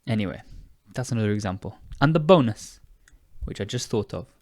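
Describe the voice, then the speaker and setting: With a fairly low, darkish voice delivered expressively and a little fast, a young podcast host and English teacher from the United Kingdom presents an English-learning show. He sounds tired, yet stays casual and chatty, self-correcting and laughing at himself. No room sound is audible in this studio-quality recording.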